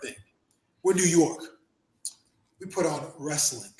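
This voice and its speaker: A man hosting a casual podcast chat, an animated storyteller who swears freely and laughs often. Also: on the high side, a little slow, echoey room. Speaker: podcast host, former wrestler.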